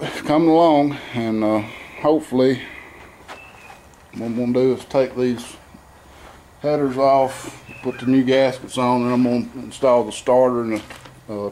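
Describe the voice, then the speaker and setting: A man's voice: mid-range voice, a little mellow, a little hiss or hum. A man in his garage, rambling casually through an engine install with lots of fillers and self-corrections. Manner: plainspoken, easygoing. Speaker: home mechanic vlogger. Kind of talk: casual shop walkthrough. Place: home garage shop.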